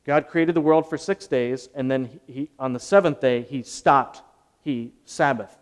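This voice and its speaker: A man preaching a sermon as pastor, earnest and conversational, swelling louder at dramatic moments. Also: mid-range voice, measured pace, smooth. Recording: long hall reverb.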